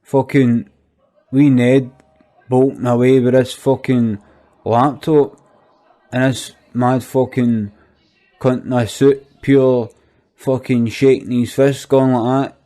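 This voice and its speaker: A man's voice: mid-range voice, flat delivery, slow pace, pauses often, mellow, natural voice. A man with a Glaswegian accent playing a skint, foul-mouthed young Glasgow man, rambling and swearing constantly in a comic rant. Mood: incredulous ranting. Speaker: comic monologue character.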